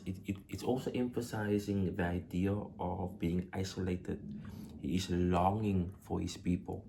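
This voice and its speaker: Male teacher, deep and even-toned, slow deliberate explanation of a poem, repeats key phrases. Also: gravelly, slight background noise. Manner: repeats words and phrases for emphasis. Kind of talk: poetry lesson for exam prep.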